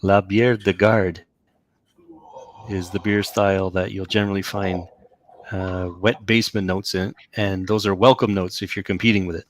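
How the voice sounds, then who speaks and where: A man's voice: sits low, flat delivery, fairly quick, no room sound. A man tasting beer in a casual chat, explaining beer styles in a dry, knowledgeable way. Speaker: beer reviewer.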